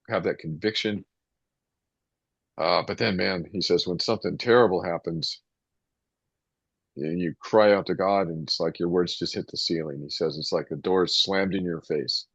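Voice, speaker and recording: A deep-voiced man leads a small Bible study group in a loose, rambling way, often circling back and reading passages aloud. His voice is low and husky. The sound is dry and muffled, like a dull lo-fi recording. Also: no echo. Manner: conversational and rambling, with restarts and reading scripture aloud.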